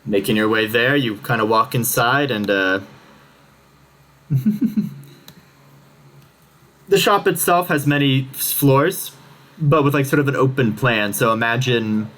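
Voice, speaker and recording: A man's voice: medium pitch, unhurried, long pauses, a bit bright. A man narrating a tabletop game as game master, casual and rambling, laughing often.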